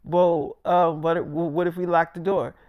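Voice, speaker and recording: A young man, telling a freestyle comic story and acting out every character himself, going low and soft for his own lines. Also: little pitch movement, unhurried, no room sound, muffled recording.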